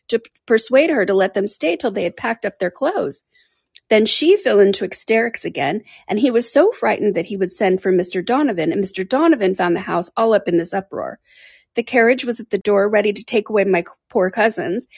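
A woman's voice: medium pitch, darkish tone, breathy edge, no echo, clean studio sound. A woman reading aloud, voicing a garrulous, gossiping older woman in an audiobook. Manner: breathless chatty gossip, exclaiming often. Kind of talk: audiobook character voice.

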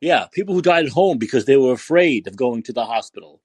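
Podcast host, man, furious profane rant, lively husky voice, dry close mic. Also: mid-range voice, fast, no room sound. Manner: yelling, profane, repeats rhetorical questions. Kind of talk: angry political rant.

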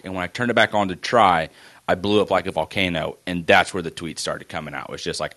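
Brief: young male podcast co-host, low voice, animated storyteller who swears freely. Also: brisk. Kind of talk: casual chat.

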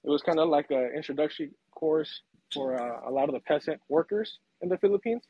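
A man's voice: fairly high pitch, expressive, brisk, husky, no echo. A man calling in to a podcast, blunt and earnest, laughing between points. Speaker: caller. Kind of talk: casual call-in chat. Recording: dull, dry phone-in audio.

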